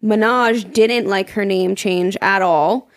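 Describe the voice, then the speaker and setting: A woman's voice: mid-range voice, steady tone, slow, no echo, clean studio sound. A woman co-hosting a podcast in casual chat, giggly and chatty as she reads out trivia. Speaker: podcast co-host.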